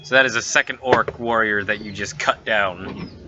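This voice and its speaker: A man runs a tabletop game in a very bright, sharp voice, casual and quick to swear. The recording is dull and lo-fi, with a faint hiss behind him. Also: lowish voice. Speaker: game master.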